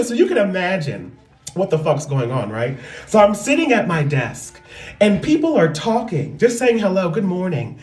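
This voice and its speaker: A woman comedian talking loudly and animatedly in a casual, profane monologue into a microphone. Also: fairly low pitch, very animated, normal speed. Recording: roomy echo with faint music.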